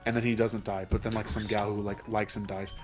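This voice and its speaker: A man with a fairly low voice talks his friends through a long, loose recap, piling clause on clause and swearing casually. Faint game music runs underneath. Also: level tone, fairly quick. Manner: rambling, profane plot recaps. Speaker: let's play commentator.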